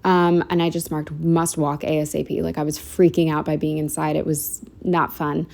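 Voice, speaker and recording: A woman's voice: deep voice, flat delivery, normal speed, creaky, a little mellow. A woman narrating a casual planner walkthrough at home, chatty and rambling with lots of "like" and "um". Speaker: planner vlogger.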